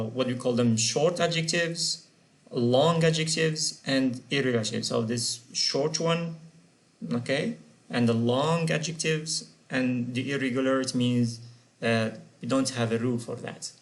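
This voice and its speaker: A man teaching an English grammar lesson, patiently repeating and spelling out example words. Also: mid-range voice.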